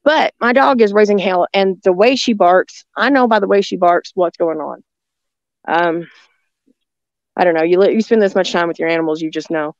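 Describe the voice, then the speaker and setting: A woman's voice: lowish voice, normal speed, no echo. A woman tells a rambling story in a chatty voice, filling it with likes and ums. The audio sounds dull and dry. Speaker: guest. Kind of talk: casual storytelling.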